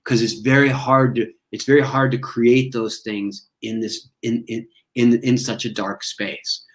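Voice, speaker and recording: Middle-aged man, guest, earnest, halting, reflective, mid pitch. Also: fairly even intonation. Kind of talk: reflective conversation.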